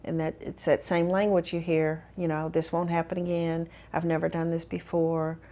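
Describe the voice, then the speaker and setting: A woman telling her own story in a measured, reflective way with frequent fillers. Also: low-pitched, little pitch movement, mellow. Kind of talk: personal testimony.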